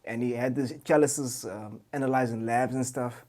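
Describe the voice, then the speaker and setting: A young man, a musician guest on a podcast, telling stories in a loose, excitable way, full of slang and swearing. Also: medium pitch, normal speed. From Cape Town, South Africa. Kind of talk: casual chat.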